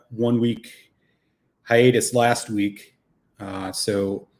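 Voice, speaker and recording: A man's voice: mid-range voice, a little mellow. A man hosting a live whisky stream, chatting casually and greeting viewers by name, a little out of breath after a run.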